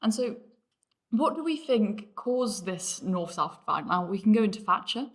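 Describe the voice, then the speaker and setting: A young woman from the North of England hosting a casual discussion, earnest and steady, with frequent fillers. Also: medium pitch, normal speed, slightly rough. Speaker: host.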